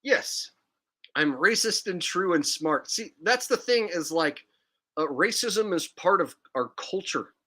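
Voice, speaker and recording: Guy ranting and cussing on his vlog, swoopy bright voice, mocking. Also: high voice, animated, measured pace. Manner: profane, mocking, provocative. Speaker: video blogger. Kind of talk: ranting monologue.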